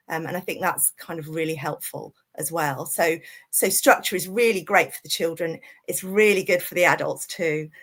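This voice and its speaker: A woman's voice: on the low side, a bit bright. A woman leading a family music webinar, explaining a plan step by step. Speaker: music session leader. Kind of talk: webinar teaching.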